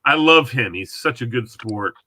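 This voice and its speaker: A man's voice: medium pitch, expressive, normal speed, bright, forceful tone, a little hiss or hum. A man hosting a casual chat, rambling and chatty, often trailing off mid-thought.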